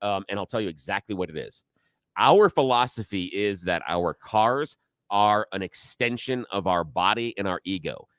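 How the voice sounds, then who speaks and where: A man on a talk radio show, calmly explaining ideas step by step and agreeing with the host. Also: on the low side, moderate pace, dry recording, clean studio sound. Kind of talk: casual talk radio chat.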